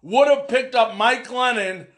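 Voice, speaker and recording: A man hosting a sports podcast, talking loudly and emphatically, often shouting, with frequent fillers. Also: very high-pitched, unhurried.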